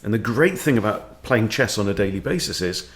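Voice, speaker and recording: A man with a somewhat low voice talks through a chess game live, as a coach commenting on his own moves. He thinks aloud in a loose, playful way and drops in joking asides between lines of analysis. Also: animated, a little fast.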